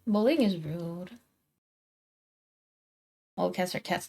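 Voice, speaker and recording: A woman draws live from home, chatting with her viewers through a desk microphone and calling out to her cats with playful, teasing indignation. She takes her time, speaking in a fairly high, expressive voice that's a little mellow.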